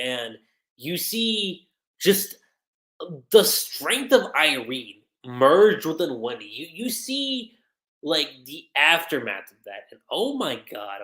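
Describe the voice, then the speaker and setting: An anime reviewer hosting a livestream, recapping an episode in an excitable, animated way with lots of fillers. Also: mid-range voice. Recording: roomy echo.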